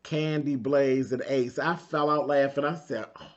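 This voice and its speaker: Male vlogger, mid-pitched, sassy gossip-recap delivery, slightly muffled lo-fi sound. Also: steady tone, moderate pace. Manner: sassy and gossipy, drawling "honey" and "child". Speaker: reality TV reviewer. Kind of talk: casual episode recap commentary.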